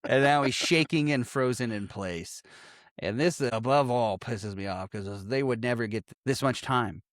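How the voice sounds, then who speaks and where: A man's voice: mid-range voice, measured pace, no room sound, clean studio sound. A man co-hosting a casual movie podcast, recapping scenes with profane banter, acting out quoted lines and laughing often. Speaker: podcast co-host reviewing movies.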